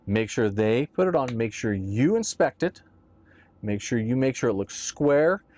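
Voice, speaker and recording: A man's voice: mid-range voice, expressive, unhurried, darkish tone. A man casually explaining boat gear in a conversational how-to talk, often checking in with "right?". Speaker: boat owner explaining boat tops.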